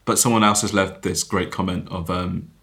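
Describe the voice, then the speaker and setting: A man's voice: low-pitched, steady tone, normal speed, fairly bright tone. A young man co-hosting a podcast in casual chat, reasoning aloud and laughing easily. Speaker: podcast co-host.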